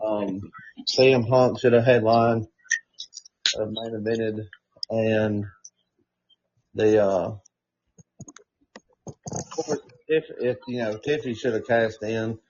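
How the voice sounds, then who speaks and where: A man's voice: on the low side, steady tone, slow, pauses often, noisy background. A man co-hosting a podcast, telling a backstage story in loose, profane casual chat full of fillers. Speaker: podcast co-host. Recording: dull lo-fi podcast audio.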